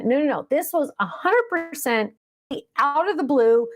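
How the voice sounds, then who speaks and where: A woman's voice: high-pitched, lively intonation, moderate pace. A woman in her fifties hosting a casual craft livestream chat, rambling and easily sidetracked, with many ums.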